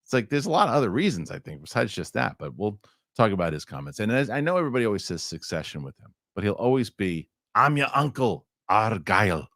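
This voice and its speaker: A lively man co-hosts a live entertainment news show, chatting casually with jokes and rambling asides. His voice sits a little low and swings widely in pitch. The sound is dry and close. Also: fast talker, no room sound. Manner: animated, joking, rambling asides.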